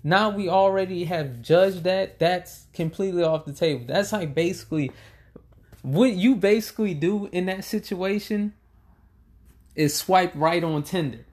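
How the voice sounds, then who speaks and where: A man's voice: sits high, measured pace, a little mellow. A tired young man who hasn't slept, rambling to camera in a casual vlog, swearing freely as he vents about his day. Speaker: vlogger.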